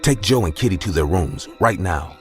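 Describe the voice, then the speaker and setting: A man's voice: sits low, animated, moderate pace, soft background music. A man voicing a serious ten-year-old boy who speaks firmly and insistently. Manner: firm, insistent.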